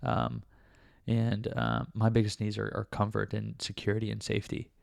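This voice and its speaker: A man with a low voice full of gravelly fry speaks in a dry, close recording. He rambles through a reflective vlog monologue, padding it with "um" and "uh" and restarting sentences. Now and then he teases himself aloud with a short laugh. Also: monotone, normal speed, no echo. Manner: rambling, many fillers and restarts; talks to himself with self-mocking laughs. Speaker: vlogger.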